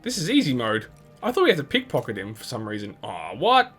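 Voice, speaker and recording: A man's voice: mid-range voice, huge pitch swings, a little fast, fairly bright tone. A man hosting a let's play, giving chatty, rambling gameplay commentary full of restarts and laughs. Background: game music.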